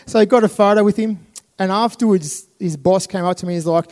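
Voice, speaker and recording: High-voiced Australian man telling stories. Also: brisk. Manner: animated storytelling with laughs and acted-out voices. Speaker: speaker. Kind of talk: motivational talk to a live audience.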